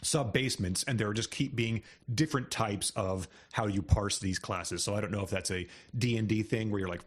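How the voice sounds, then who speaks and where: Husky lowish guy on a book podcast, chatty, laughs a lot. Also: fairly even intonation, a little fast, hardly any pauses. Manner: chatty, explaining, laughs often. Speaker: podcast co-host. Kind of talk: casual book discussion.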